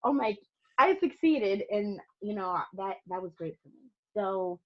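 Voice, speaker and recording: A woman's voice: mid-range voice, measured pace, dull audio. A woman photographer chatting as a podcast guest, telling stories with lots of emphasis and frequent laughter. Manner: animated storyteller, laughs often, emphatic. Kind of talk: casual interview chat.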